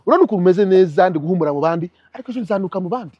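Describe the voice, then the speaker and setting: Young man, high voice, husky, animated, from Rwanda. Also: racing, no room sound, dull audio. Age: young adult. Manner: animated, switches into mimicked English voices. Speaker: interview guest. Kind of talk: casual interview.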